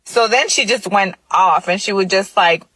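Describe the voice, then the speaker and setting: A woman's voice: medium pitch, normal speed, a bit bright, slightly rough, dry recording, rough recording. Thirty-something woman gossiping through a story, says "like" a lot, dead dry mic. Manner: chatty, lots of filler likes. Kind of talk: casual storytelling.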